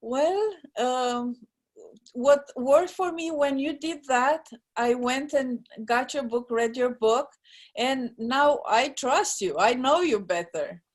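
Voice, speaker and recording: A woman hosting a podcast interview, friendly and quick to laugh. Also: high voice. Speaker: podcast host. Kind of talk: casual interview chat.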